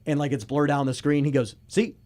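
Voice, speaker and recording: A young man in his early twenties hosting a casual podcast, retelling stories in an animated way and often laughing as he talks. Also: mid-range voice, fast talker. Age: early 20s. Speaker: podcast host.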